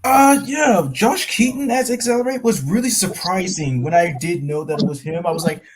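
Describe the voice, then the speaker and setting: A man joining a casual fan discussion, excitable and stumbling over his words. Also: sits high, fairly quick, few pauses, breathy edge, low-quality recording.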